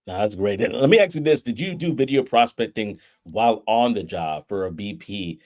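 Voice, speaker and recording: A man's voice: on the low side, lively intonation, moderate pace, darkish tone. A man hosting a casual interview, asking questions and sharing his own sales stories in a friendly, conversational way. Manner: friendly, conversational, asks questions with filler words. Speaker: podcast host.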